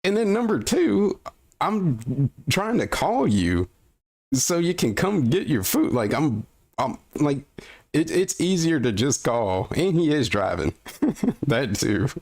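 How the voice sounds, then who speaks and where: A man's voice: fairly high pitch, very animated, slow pace, gravelly, a little mellow. A man streaming, reacting to a video with incredulous, ranting commentary and casual swearing.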